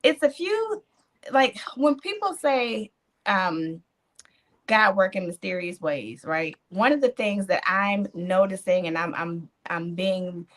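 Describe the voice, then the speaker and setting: A woman hosting a podcast, telling stories in an animated way with churchy affirmations. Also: mid-range voice, slow pace. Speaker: podcast host. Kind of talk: casual podcast chat.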